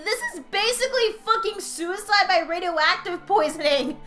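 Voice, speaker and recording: A woman's voice: extremely high pitch, animated, moderate pace, fairly bright tone, soft background music. A young woman hosting a video, reading fan comments in an emotional, swearing, half-sobbing manner.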